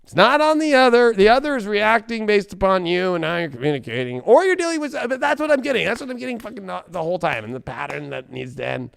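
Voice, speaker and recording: A man giving a casual tarot reading, profane and joking, bursting into shouts and silly voices. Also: sits high, big pitch swings, quick pace, vocal fry, hardly any pauses, smooth, no echo, clean studio sound. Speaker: tarot reader.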